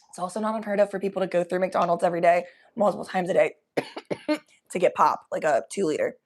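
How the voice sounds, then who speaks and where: A woman's voice: on the low side, lively intonation, normal speed, long pauses. A woman from the US Midwest, chatting casually on a livestream in a loose, swearing, talkative way. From Cincinnati, US Midwest.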